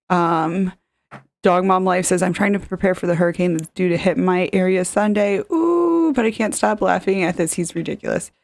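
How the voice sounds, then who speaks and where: A woman's voice: on the low side, no room sound. A woman streamer reacting to a video in casual commentary, rambling with lots of fillers and reading chat messages aloud.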